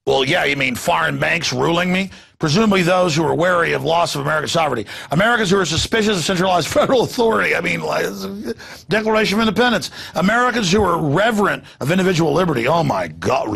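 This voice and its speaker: A man hosting a news show with a gravelly, raspy voice pitched a little high. He rants in a heated, mocking tone, swinging from loud bursts to low muttered asides. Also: lively intonation, quick pace. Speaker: host. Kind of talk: ranting news commentary.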